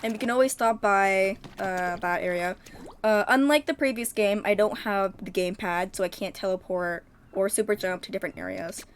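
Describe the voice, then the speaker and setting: A woman's voice: mid-range voice, normal speed, a little hiss or hum. Upbeat woman streaming a video game. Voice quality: chatty and upbeat, with frequent ums. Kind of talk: casual gameplay commentary.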